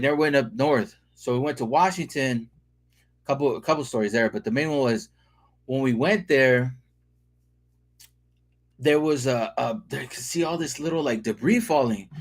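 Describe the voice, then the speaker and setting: A man from the Los Angeles area chatting casually on a livestream, telling rambling stories full of slang and swearing. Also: mid-range voice. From Los Angeles area, California. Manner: laid-back, profane, rambling with slang. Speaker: livestreamer reading comments. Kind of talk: casual livestream chat, storytelling.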